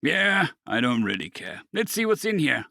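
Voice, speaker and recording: A man voicing a gruff, blunt, foul-mouthed working man who speaks flatly and irritably in a storybook reading. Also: mid-range voice, moderate pace, dry recording, clean studio sound, exaggerated voice. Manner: flat and irritable.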